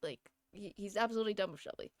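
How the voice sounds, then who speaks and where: A woman's voice: medium pitch, fast talker, no echo, studio quality. A young woman streaming a game from home, chatting in a rambling way and laughing often. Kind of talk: casual chat while gaming.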